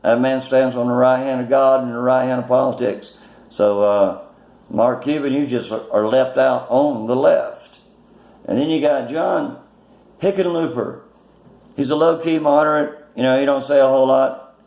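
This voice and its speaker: A man's voice: mid-range voice, steady tone, moderate pace, creaky, a little mellow, echoey room. A man giving blunt, mocking political commentary in a casual, rambling way, full of fillers, recorded on a phone. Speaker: political vlogger.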